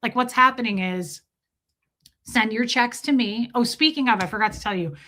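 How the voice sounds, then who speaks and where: A middle-aged woman hosting a casual livestream, her voice hoarse and worn, making sardonic, profane asides. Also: fairly high pitch, sharp tone. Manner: sardonic, profane, slow drawn-out singing between quick asides. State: hoarse, voice worn from a long call. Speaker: livestream host. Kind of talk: casual livestream chat with mock singing.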